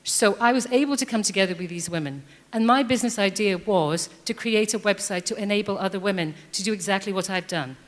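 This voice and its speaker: An audience member in her fifties speaks fast, with hardly any pauses, in a medium-pitched voice. Though earnest, she hesitates with frequent ums while addressing a debate in a large hall that gives the recording long reverb.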